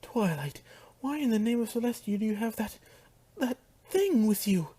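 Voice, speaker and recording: A man voicing a prim, theatrical unicorn mare who runs a dress shop, gushing and shrill. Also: sing-song, moderate pace, dark tone, slightly rough, heavily acted. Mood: shrill horror.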